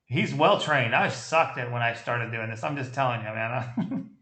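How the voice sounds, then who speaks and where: A man coaching salespeople with blunt, animated commentary on a recorded call, laughing often. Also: mid-range voice, normal speed. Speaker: sales trainer critiquing a call. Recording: echoey room.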